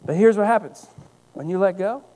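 A man preaching a sermon, telling a family story with lively acted-out voices. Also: sits high, fairly quick. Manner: animated storytelling, acting out voices. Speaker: pastor.

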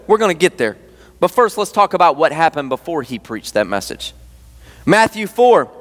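A man's voice: high-pitched, fairly bright tone. A man preaching a fired-up sermon, telling a story and talking straight to his listeners. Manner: fired-up preaching with folksy asides. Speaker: youth pastor. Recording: long reverb of a church hall.

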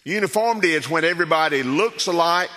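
A man from South Carolina preaches as a guest in a church sanctuary, delivering a folksy, conversational sermon full of storytelling and fillers. His voice is on the high side, sharp-toned, fast, and lively in intonation. A long reverb tail trails after his words.

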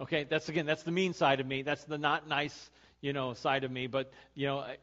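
A middle-aged man preaches in a church, slightly high-voiced and animated as he acts out a story, then drops to a quiet, earnest tone. The recording sounds muffled and lo-fi. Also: brisk. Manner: animated storytelling, acting out his own road rage; turns quiet and earnest when making the point. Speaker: pastor. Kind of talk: conversational sermon with personal stories. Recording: dull lo-fi sermon recording.

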